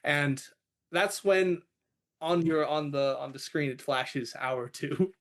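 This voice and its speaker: Game master man, slightly high voice. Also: slow, fairly bright tone. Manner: laughs often while describing scenes. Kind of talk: narrating a tabletop game, casual.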